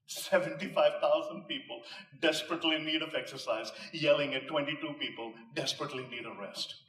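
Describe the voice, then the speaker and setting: Male inspirational speaker, a bit high-voiced, emphatic and rhetorical, recorded off mic in a roomy hall. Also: fairly quick, a bit bright, distant mic. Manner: emphatic, rhetorical, with punchline jokes. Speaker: motivational speaker. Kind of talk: inspirational speech to a live audience. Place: live venue before an audience. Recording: echoey room, voice off mic.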